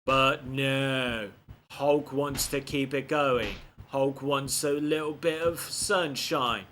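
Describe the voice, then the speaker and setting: A man giving animated, expletive-laden commentary on a video game playthrough. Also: medium pitch, takes it slowly, a little hiss or hum. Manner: animated, swears often, frustrated outbursts.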